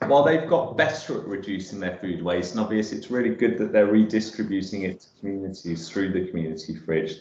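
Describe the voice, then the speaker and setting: Man, low voice, rambling workshop host, roomy room, muffled video-call audio. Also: darkish tone. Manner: chatty, rambling, many ums and restarts. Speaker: online cooking workshop host. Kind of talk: casual live cooking demo talk.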